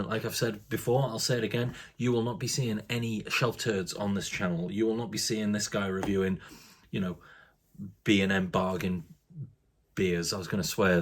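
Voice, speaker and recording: A man's voice: lowish voice, husky. A man casually reviewing a craft beer, chatty and rambling, with casual swearing.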